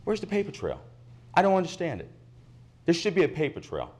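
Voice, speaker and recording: Man, public commenter, indignant, insistent, very lively pitch, podium mic in a meeting chamber. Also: a little fast, slightly rough. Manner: indignant, insistent, repeats his points. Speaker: resident speaking at public comment. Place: county commission meeting chamber.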